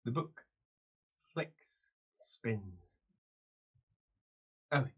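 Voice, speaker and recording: A man narrating a tabletop role-playing game as game master, in a slow, theatrical way. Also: lowish voice.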